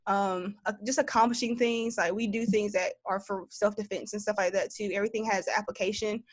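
Casting: young woman, mid-pitch, talkative storyteller, dry close recording. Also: fairly quick, dry recording. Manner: chatty, lots of "like", animated storytelling. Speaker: guest. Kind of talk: casual conversational interview.

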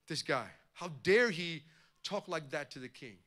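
A man's voice: fairly high pitch, expressive, unhurried, a bit bright. A male pastor preaching a sermon with impassioned, rising emphasis.

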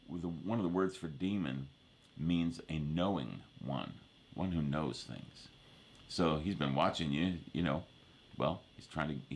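A man's voice: extremely low pitch, slight background noise. A man preaching a sermon in a loose, conversational way, with frequent restarts and asides to the congregation. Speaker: pastor.

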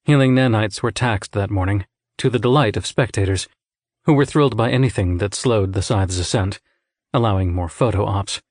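Brief: male narrator, lowish voice, measured storytelling, dry close recording. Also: a little mellow, no echo. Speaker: audiobook narrator. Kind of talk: scripted narration.

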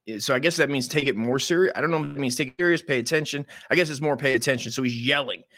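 A man's voice: mid-range voice, rapid-fire, a bit bright. A man hosting a podcast in a casual rant, rambling, swearing and cutting himself off mid-sentence. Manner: rambling, profane, self-interrupting. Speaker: podcast host.

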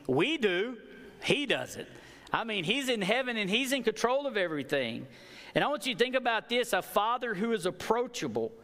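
A man preaching a sermon, moving between quiet storytelling and rising, emphatic exhortation. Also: high voice. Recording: reverberant hall.

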